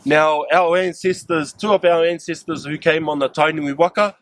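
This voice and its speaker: Speaking at a moderate pace in a steady, higher-leaning voice, a guide with a New Zealand accent tells a staff group about local sites outdoors. He's engaging and often quizzes them.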